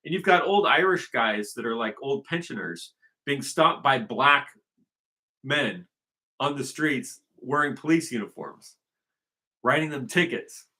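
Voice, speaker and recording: A man's voice: mid-range voice, animated, unhurried, bright, forceful tone. A man talking in a casual unscripted monologue, rambling and emphatic, often circling back to restate his point. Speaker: vlogger.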